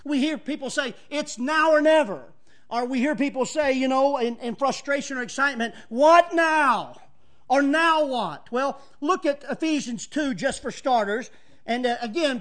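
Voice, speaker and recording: A pastor preaching a sermon to his congregation, moving from chatty asides with chuckles to emphatic, near-shouted readings of scripture. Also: very high-pitched. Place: church.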